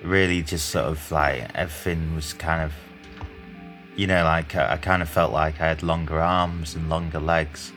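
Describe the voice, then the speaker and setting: A man's voice: very deep voice, fairly even intonation, moderate pace, fairly bright tone, soft background music. A man telling a rambling story in casual chat, full of fillers and hesitations.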